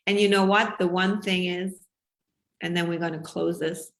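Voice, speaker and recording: A woman business coach giving a passionate, emphatic live sales pitch to her online group, swearing freely as she talks. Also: steady tone, moderate pace.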